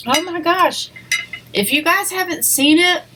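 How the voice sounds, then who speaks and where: A woman's voice: very high-pitched, unhurried, bright, forceful tone, low-quality recording. A woman vlogger chatting casually while she eats on camera, rambling between bites with little eating sounds. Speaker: mukbang vlogger. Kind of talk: casual eating vlog chat.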